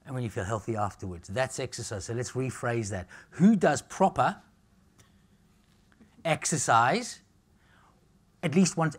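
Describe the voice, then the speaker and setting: A man's voice: mid-range voice, very animated, moderate pace, long pauses. A man with an Australian accent giving a live health seminar, blunt and jokey, swearing casually. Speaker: nutrition speaker. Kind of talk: live seminar talk to an audience.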